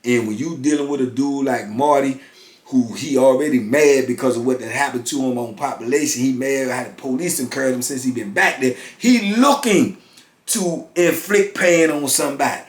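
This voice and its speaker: A man's voice: medium pitch, moderate pace. A man in his fifties telling a story in a casual, slangy way, filling his talk with "man" and "you know". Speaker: storyteller recounting prison life. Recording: roomy echo.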